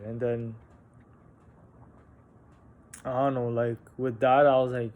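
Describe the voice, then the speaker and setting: A young man casually telling a personal story on a vlog, halting and candid, with frequent restarts, fillers and casual swearing. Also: mid-range voice, lively intonation, a little mellow. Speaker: vlogger.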